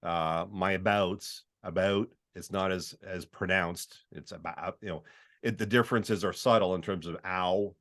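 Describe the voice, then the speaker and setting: A man's voice: deep voice, fairly even intonation, a little slow, a bit bright. A middle-aged man from Canada, a voiceover artist chatting casually as a podcast guest, often acting out the voices he describes.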